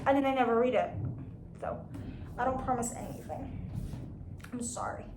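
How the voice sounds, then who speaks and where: A young woman chatting casually about her unread books, rambling with restarts and quick apologies. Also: high voice, sing-song, echoey room, noisy background. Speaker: book vlogger.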